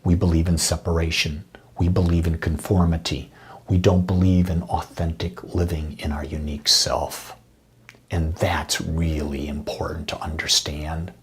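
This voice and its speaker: Low, very breathy male minister. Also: level tone. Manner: soft, intimate delivery with frequent breathy, whispered phrases; slow, deliberate affirmations. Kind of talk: spiritual talk.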